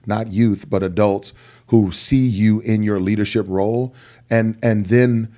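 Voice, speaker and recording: A middle-aged man speaks with a low, warm, mellow voice, telling personal stories on a podcast. He talks earnestly and animatedly, and his pitch jumps sharply whenever he acts out someone he is quoting. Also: steady tone, unhurried. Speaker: guest rapper. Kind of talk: candid podcast storytelling.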